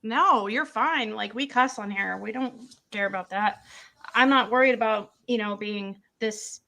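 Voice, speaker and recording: A woman hosting a live stream, moderating her guests in a brisk, casual way. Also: on the high side, creaky, pushed and bright.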